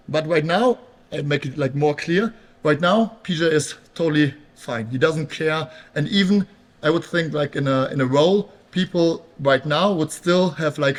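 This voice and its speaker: Man, coach demonstrating on a partner, halting fillers, slightly high voice. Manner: explains while demonstrating, halting with fillers and restarts. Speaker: grappling instructor. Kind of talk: casual technique instruction.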